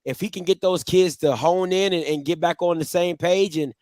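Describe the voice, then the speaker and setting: A man's voice: high voice, moderate pace, a little mellow, no echo. A man hosting a sports talk show, talking emphatically about football and repeating phrases for emphasis. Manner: emphatic, leans on "listen" and "at the end of the day". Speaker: show host.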